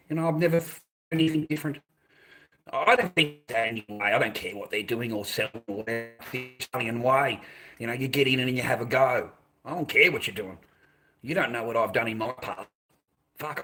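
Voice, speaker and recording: A man's voice: fairly high pitch, sharp tone. A middle-aged Australian man rambling and swearing casually while telling stories to his viewers. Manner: swears a lot, tells stories with repeated phrases. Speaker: vlogger.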